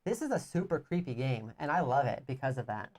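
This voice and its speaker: A woman with a notably low voice chats casually as a show co-host. She sounds eager and rambles a little as she explains. Her talk is relaxed and unscripted. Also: fairly quick, a little hiss or hum. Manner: enthusiastic, rambling storyteller. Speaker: co-host of a board game review show. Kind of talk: casual chat.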